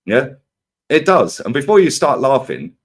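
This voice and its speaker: A man's voice: mid-range voice, moderate pace, slightly rough. A man ranting in a heated football fan debate, firing rhetorical questions at his co-host. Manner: ranting, animated, rhetorical "yeah?" and "right?".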